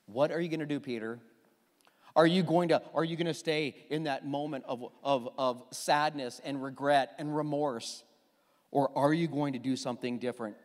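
Middle-aged guy preaching in a church, bit high voice, echo trailing off. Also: moderate pace. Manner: animated storytelling with repeated restarts. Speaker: pastor. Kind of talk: sermon. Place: church hall.

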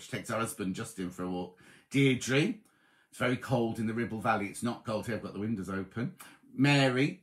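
A middle-aged man chats on a live stream, reading viewers' comments aloud and greeting each of them by name. His pitch rises and falls a lot. The tone is casual and friendly. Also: fairly bright tone.

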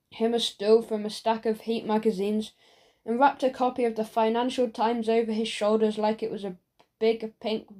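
A woman narrating a children's audiobook with clear, expressive reading. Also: a little high. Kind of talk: storybook narration.

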